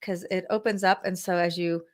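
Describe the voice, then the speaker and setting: A woman's voice: on the low side, fairly even intonation, moderate pace, slight background noise. A woman co-hosting a casual talk show, encouraging and thoughtful, often drawing out her phrases. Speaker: podcast co-host. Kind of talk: casual chat.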